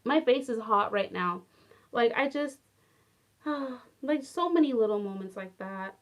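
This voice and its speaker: A woman's voice: a little high, measured pace. Chatty young woman telling stories. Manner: chatty, heavy use of "like", animated and affectionate. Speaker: former English teacher in Japan. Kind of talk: casual storytelling vlog.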